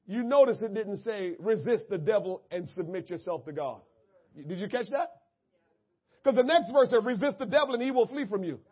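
A man preaching a sermon, moving from quiet, low asides to shouted, drawn-out scripture lines. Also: expressive, slightly rough, highs cut off. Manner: drawn-out emphatic scripture reading. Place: church.

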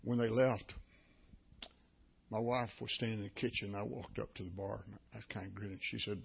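Husky older pastor telling a story. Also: male voice, lowish voice, fairly even intonation, a little fast. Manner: folksy, repetitive anecdotal storytelling. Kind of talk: sermon storytelling. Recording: dull lo-fi recording.

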